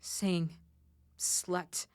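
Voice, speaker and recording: A woman's voice: very slow, a little mellow, dry recording. A woman performing a young woman harassed at work after speaking up, in an intense spoken-word delivery. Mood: anguished.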